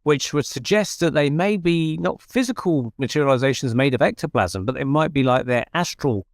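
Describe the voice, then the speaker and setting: Man telling a lively seance story. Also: on the high side, moderate pace, no room sound, studio quality. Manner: animated anecdote with quoted voices, many restarts. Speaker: paranormal researcher and host. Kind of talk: conversational storytelling.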